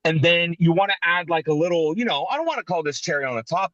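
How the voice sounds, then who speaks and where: A man in his thirties co-hosting a casual wrestling podcast, telling animated, sentimental stories. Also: a little high, fast, no room sound, dull audio. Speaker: podcast co-host.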